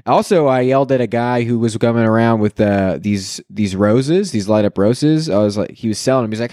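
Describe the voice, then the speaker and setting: A man's voice: mid-range voice, fairly quick, few pauses, no echo, studio quality. A man co-hosting a casual chat, telling stories with lots of laughter and silly voices. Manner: laughing, animated storyteller doing silly voices. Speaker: podcast co-host.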